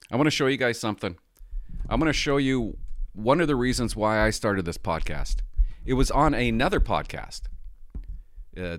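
A man's voice: medium pitch, dry recording, studio quality. A man hosting a podcast, talking in a rambling, self-deprecating casual monologue into a podcast microphone. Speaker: podcast host.

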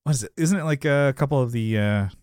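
A man's voice: mid-range voice, fast, darkish tone, smooth, no echo, clean studio sound. A man co-hosting a podcast, recapping a sitcom episode in casual chat, rambling, laughing often and acting out quotes.

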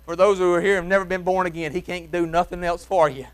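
A man with a Mississippi accent preaching a sermon in folksy Southern speech, shouting some phrases and dropping to a hush on others. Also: sits high, fairly even intonation, fast talker, smooth. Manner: swings from shouting to hushed, soft tones; folksy Southern grammar, chuckles while preaching. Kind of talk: revival sermon. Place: church.

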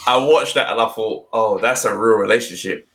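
A man's voice: lowish voice, brisk, background noise. Laughing man telling a story. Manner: animated storyteller, acts out quotes, laughs often. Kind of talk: casual chat.

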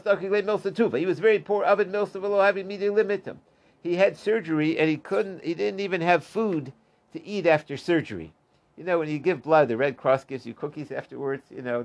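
A man teaching a Talmud class in a relaxed way, reading short lines aloud, explaining them in plain terms and chuckling at the stories. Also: a little high. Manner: retells stories line by line with loose asides and chuckles. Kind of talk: casual Talmud class storytelling.

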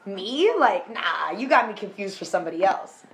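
A woman's voice: mid-range voice, animated, normal speed, a little hiss or hum, close to an everyday voice. A woman doing a flustered, defensive disciple. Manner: defensive casual slang. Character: flustered disciple man denying everything.

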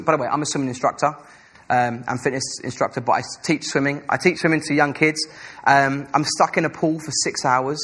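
A young man preaching a sermon, telling a story with animated, acted-out dialogue. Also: a little high, breathy edge.

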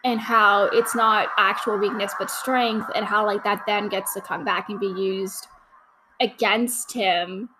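A woman's voice: medium pitch, fairly even intonation, a little slow, noisy background. A young woman hosting a podcast, chatting casually through a watch-along commentary, gushing and full of fillers. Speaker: podcast host.

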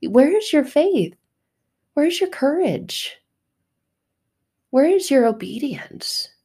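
A woman voicing God as a calm, patient figure who reassures a frustrated disciple. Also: high voice, takes it slowly, pitched above the performer's own voice, full character voice. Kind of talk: acted quote in a faith talk.

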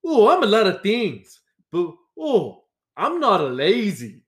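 A man's voice: high-pitched, wildly swooping pitch, a little slow, roomy sound, pitched above the performer's own voice, heavily acted. A man putting on an offended coworker who protests his own hard work in an exclaiming, wounded tone. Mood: indignant. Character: indignant Brazilian coworker, offended and defensive.

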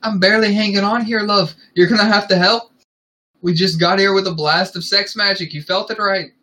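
A man puts on a young wizard, flustered and straining for self-control, with a thick, hammy Scottish accent. The voice sits well above the reader's own pitch and never quite settles. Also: steady tone, brisk, pushed and bright. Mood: pleading. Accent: Scottish, put on. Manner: over-the-top amateur accent reading.

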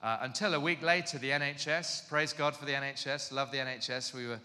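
A man preaching in an animated, self-mocking storytelling way, heard in a reverberant hall. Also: mid-range voice, brisk. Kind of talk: storytelling sermon.

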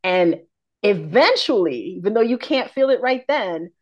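A woman's voice: mid-range voice, animated, measured pace, highs cut off. A woman in her forties, a confidence coach and podcast guest, talking frankly and expressively in casual conversation, swearing freely.

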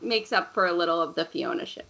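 Woman, 30s, podcast co-host; bright, chatty, casual swearing, laughs easily. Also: lowish voice, expressive, fast, creaky, poor audio. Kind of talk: casual chat recapping a movie.

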